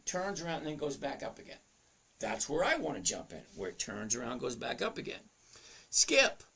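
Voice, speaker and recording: A man's voice: a little high, vocal fry, slightly rough. A man hosting a casual live stream on trading, greeting chat viewers by name in an upbeat, chatty way. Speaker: livestream host teaching stock trading.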